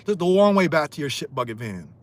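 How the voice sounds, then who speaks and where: A man's voice: a little high, very animated, fast. Angry man ranting on a livestream. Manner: angry, insulting, swings between loud and muttered. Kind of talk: heated livestream rant.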